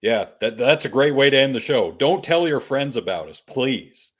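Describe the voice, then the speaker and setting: A man's voice: mid-range voice, expressive, normal speed. A man hosting a casual podcast, bantering and chuckling often. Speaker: podcast host. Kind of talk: casual chat.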